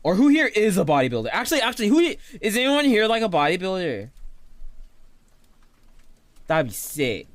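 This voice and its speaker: Playful, lively streamer guy chatting. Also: sits high, normal speed, long pauses, no room sound. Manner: playful, laughs often, reads and answers chat; refers to himself in the third person. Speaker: VTuber streamer. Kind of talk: casual livestream chat while drawing.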